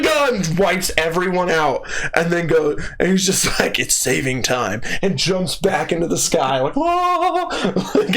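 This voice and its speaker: A young man co-hosting a podcast in casual chat, an animated storyteller who laughs often and mimics the people he describes. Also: fairly high pitch, slight background noise. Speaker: podcast co-host.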